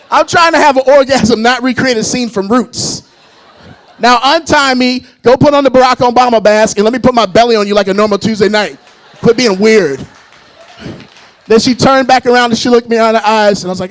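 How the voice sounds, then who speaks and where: Here a man with a very high voice works a club stage as a stand-up comic, holding the mic in his hand. He pokes fun at himself, stays animated, keeps a brisk pace, and regularly laughs at his own lines.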